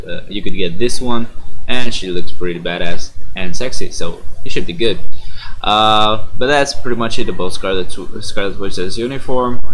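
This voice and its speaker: Brief: young man, low voice, sleepy gaming commentary, rambling with lots of "uh", faint background hiss. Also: a bit bright, poor audio. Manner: rambling, many "uh" fillers and self-corrections. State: sleepy, yawning. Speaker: gaming YouTuber. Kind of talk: casual game commentary.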